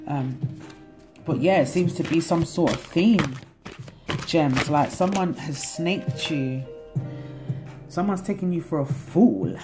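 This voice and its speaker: A woman's voice: low-pitched, slow pace, pauses often, over music. A woman giving a casual tarot reading to her viewers, chatty and profane, laughing often. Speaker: tarot reader.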